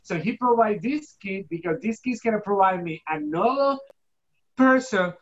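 A guest giving an emotional personal testimony, halting and repeating words for emphasis, acting out remembered dialogue. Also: expressive, dull audio. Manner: acts out quoted dialogue with shifting pitch. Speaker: guest telling a personal story.

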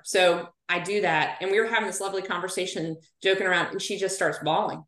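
A woman in her forties, a physical therapist, telling stories as a podcast guest in a chatty, animated way. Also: on the low side, fast, few pauses. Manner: chatty storyteller, animated asides. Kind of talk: casual podcast interview. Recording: roomy echo.

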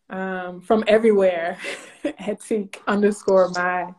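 A woman's voice: mid-range voice, unhurried. A woman from Louisiana, hosting a casual live stream. She is bubbly, laughs often and greets viewers by name. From Louisiana, USA.

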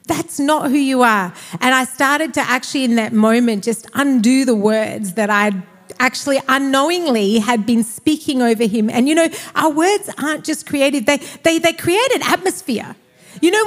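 A woman in her forties preaching a sermon in church, telling family stories with frequent laughter. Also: high-pitched. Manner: storytelling with laughs. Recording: reverberant church hall.

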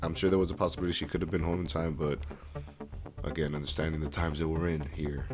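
A very deep-voiced man on a casual podcast, blunt and joking, dropping swear words without a second thought. Clear music plays behind him. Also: flat delivery, quick pace. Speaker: podcast co-host. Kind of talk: casual chat.

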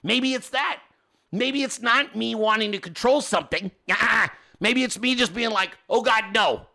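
A man hosting a podcast who tells a story as an animated, exasperated rant full of cursing. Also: very high voice, normal speed, vocal fry, noisy background. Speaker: podcast host.

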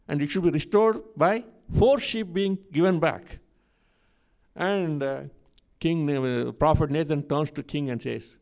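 A man's voice: on the high side, gravelly, darkish tone. A man preaching a sermon, telling a scripture story and repeating key phrases for emphasis.

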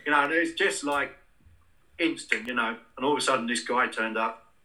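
A man with a very bright, sharp and forceful voice, recounting his experiences at length as an interview guest. He rambles along casually, circling back and restarting his sentences as the story unfolds. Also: medium pitch, moderate pace, low-quality recording. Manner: rambling anecdotal, many restarts and fillers.

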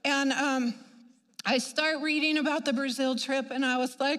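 A woman giving a church testimony as an animated storyteller who acts out the voices she quotes and laughs at herself. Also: sits high, normal speed. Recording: long reverb of a large hall.

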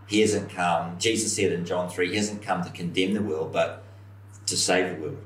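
A middle-aged man, a pastor telling a story in an animated, storytelling way. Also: sits low, normal speed. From New Zealand. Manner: animated storyteller, acts out quoted voices. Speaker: senior pastor. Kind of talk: storytelling in a podcast conversation. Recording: roomy echo, somewhat far from mic.

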